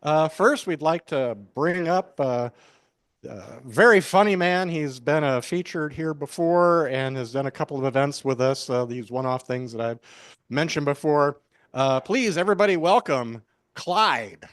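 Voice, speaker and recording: A man hosting a cafe open mic, making announcements with lots of halting fillers. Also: fairly high pitch, dry recording, clean studio sound. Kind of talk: event announcements. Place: small cafe.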